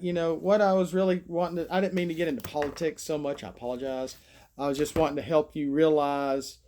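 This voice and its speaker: This vlogger, a man with an Alabama Southern accent, talks in a slightly high, darkish voice. He meanders folksily through his monologue, often self-deprecating.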